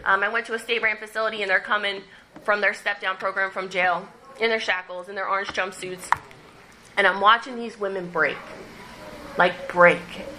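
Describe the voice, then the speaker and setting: Bright-voiced woman telling her story. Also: mid-range voice, steady tone, moderate pace, rough recording. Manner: candid, conversational, laughs through the story. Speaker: recovery speaker. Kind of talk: personal testimony at a recovery meeting. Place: meeting room.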